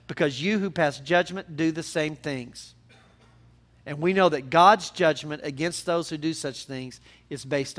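A man's voice: fairly high pitch, fairly bright tone. A man preaching a sermon as pastor, speaking conversationally and rising to emphatic peaks.

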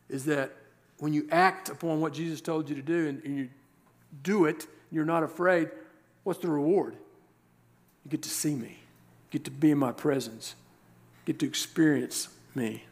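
A male pastor preaching a sermon, reading scripture verses and explaining them with rhetorical questions and slowed, stressed words. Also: on the high side. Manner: emphatic, slows down to stress key words.

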